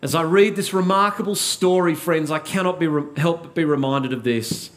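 A man's voice: on the high side, normal speed. A man preaching a sermon, asking rhetorical questions and repeating key lines for emphasis.

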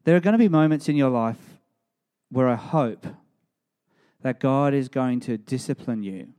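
A man preaching a sermon, emphatic and animated as he tells the story. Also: mid-range voice, moderate pace.

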